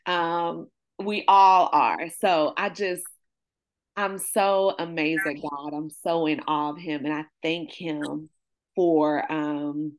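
Woman host, deep voice, encouraging affirmations. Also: fairly even intonation, slow. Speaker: podcast host. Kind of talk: casual faith conversation.

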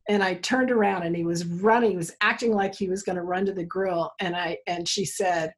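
Woman therapist as interview guest, husky voice, animated storyteller. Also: on the low side, fairly quick. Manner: animated storyteller, acts out quoted dialogue.

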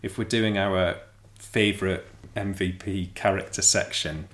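A man co-hosting a casual book chat, talking in an animated way with lots of fillers. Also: low-pitched, unhurried. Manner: animated, filler-heavy, jumps into voices. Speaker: podcast co-host.

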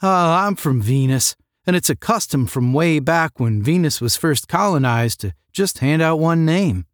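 A man's voice: a little high, lively intonation, a little slow, no echo, studio quality, pitched above the performer's own voice. A man voicing a big, good-natured young cadet in a space-academy story. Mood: friendly.

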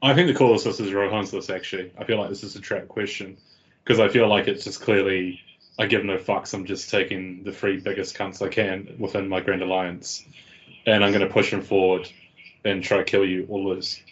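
A man's voice: deep voice, level tone, a little fast. A man hosting a casual podcast, laid-back and rambling, swearing freely. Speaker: podcast host. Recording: dull lo-fi sound.

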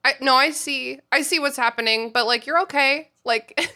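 A woman voicing an old male wizard headmaster who calmly soothes a dazed boy in a very casual way. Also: high-pitched, moderate pace, voice pushed up. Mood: soothing.

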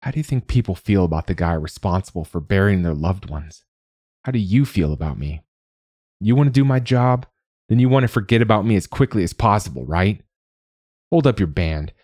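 A man voicing a tall, lonely younger man who speaks quietly and calmly. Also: low voice, brisk, no echo, clean studio sound. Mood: firm. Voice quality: quiet, soft-spoken.

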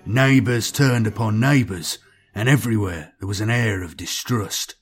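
A man narrating a dark science-fiction story in a measured, grim storytelling manner. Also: fairly low pitch, husky, soft background music. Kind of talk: scripted dark sci-fi story reading.

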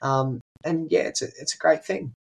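A man's voice: a little high, normal speed, gravelly, breathy edge. A teenage man with an Australian accent, chatting casually as a guest in an interview, with lots of ums and restarts. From regional New South Wales, Australia. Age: teens. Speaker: guest musician.

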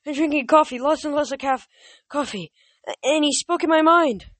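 A woman's voice: high voice, moderate pace, fairly bright tone, dry recording, pitched above the performer's own voice. A woman voicing a panicky young male satyr who stammers and cries out. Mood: frantic.

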